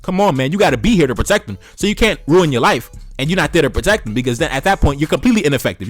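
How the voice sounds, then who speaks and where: A man hosting a commentary channel, lecturing his audience in an emphatic, repetitive, preachy way. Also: medium pitch. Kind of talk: preachy direct-to-camera commentary.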